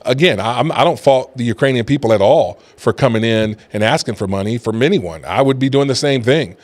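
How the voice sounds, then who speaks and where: A man's voice: mid-range voice, a little fast. A middle-aged man hosting an opinion show, talking in a conversational way with plenty of restarts. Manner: conversational, animated when riled up. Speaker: talk show host. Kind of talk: opinion commentary.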